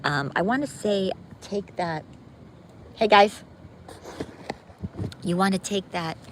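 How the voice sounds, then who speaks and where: A woman's voice: mid-range voice, slow pace, a little hiss or hum. A woman chatting casually with viewers on a livestream while out walking her dog, upbeat and rambling with many fillers and restarts. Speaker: livestream vlogger. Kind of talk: casual live chat with viewers. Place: outdoors on a street with her dog.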